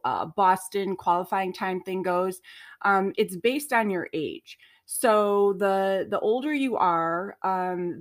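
A woman hosting a podcast, asking questions and explaining things with many fillers. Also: on the low side. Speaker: podcast host. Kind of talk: conversational podcast interview.

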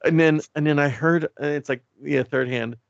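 A man's voice: gravelly, dry recording. A man chatting casually and riffing on a comic sketch idea, rambling, swearing and laughing as he goes. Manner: rambling, laughing, swears, mimics characters in quick asides. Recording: dull low-fidelity dry recording.

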